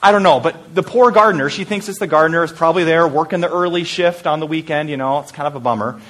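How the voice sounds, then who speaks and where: A male pastor with a rather high voice delivers an Easter sermon as a vivid story. He draws listeners into the scene, sometimes sinks to a hushed, intimate tone, and slips in lighthearted asides. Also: fast talker, hardly any pauses.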